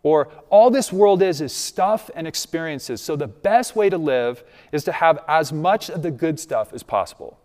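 A man's voice: a little high, animated, moderate pace, few pauses, darkish tone. A man preaching a sermon as a pastor, in a conversational way, checking in with the congregation. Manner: conversational, asks the congregation "right?". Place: church sanctuary. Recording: long reverb of a large hall.

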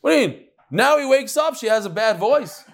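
A man's voice: very high voice, lively intonation, brisk, gravelly. A man teaching a Talmud class, reading Aramaic lines and explaining them in English with jokes. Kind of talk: Gemara class explaining text.

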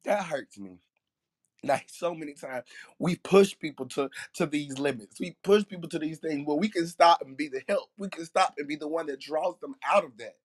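A man's voice: fairly high pitch, moderate pace. Emotional preacherly male podcast host. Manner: emotional, preacherly, repeats phrases for emphasis. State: tearful at times. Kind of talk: faith talk show chat.

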